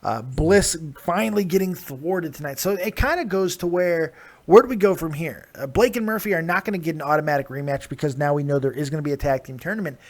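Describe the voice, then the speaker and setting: Excitable high-voiced male show host. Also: fast talker, hardly any pauses. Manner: excitable, laughs often, swears. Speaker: host of a live call-in wrestling review show. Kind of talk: casual wrestling talk.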